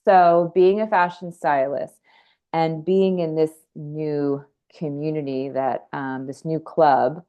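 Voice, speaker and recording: A woman's voice: deep voice, dark tone, muffled recording. A woman in her forties, a podcast guest, telling her story in an earnest, rambling way with frequent restarts. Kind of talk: candid conversational storytelling.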